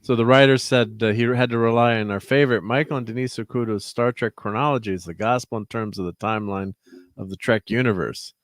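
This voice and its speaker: A man co-hosting a casual livestream chat, reading notes aloud in a measured way. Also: medium pitch, steady tone, no room sound, clean studio sound. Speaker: co-host.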